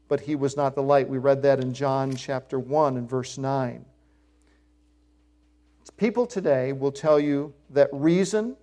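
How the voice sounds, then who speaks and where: Middle-aged male pastor, sermon delivery, slightly higher voice, emphatic rises on key points. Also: a little mellow. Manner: emphatic preaching, rises in pitch and volume on key phrases.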